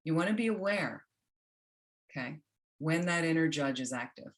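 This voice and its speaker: A woman teaching a self-compassion workshop, gentle and instructional, often checking in with the group. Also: low voice, expressive, normal speed. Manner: gentle, keeps checking in with "okay?".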